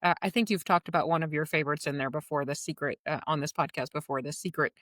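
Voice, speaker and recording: A woman's voice: low voice, fast, a bit bright, no room sound, clean studio sound. A woman on a podcast, chatting casually in a hesitant way, with fillers and trailing phrases. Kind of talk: casual chat.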